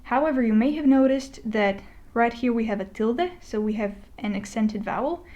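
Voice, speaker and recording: A woman's voice: on the high side, warm tone, lo-fi sound. Chatty woman teaching Spanish plurals. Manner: conversational, with many fillers and restarts, slowing to spell out example words. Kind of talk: explaining a lesson over a digital whiteboard. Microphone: voice-over recording.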